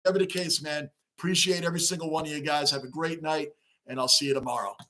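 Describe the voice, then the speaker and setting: High, bright, fired-up male stream host. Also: fast talker. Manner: emotional, animated, talks straight to chat. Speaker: livestream host. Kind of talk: casual fan reaction livestream.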